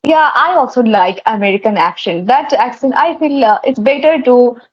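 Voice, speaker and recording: Woman, higher voice, earnest host who stumbles and restarts over a dull lo-fi call line. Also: expressive, normal speed, breathy edge. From India. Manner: earnest, hesitant with many fillers and restarts. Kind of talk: casual conversation practice. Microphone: video call.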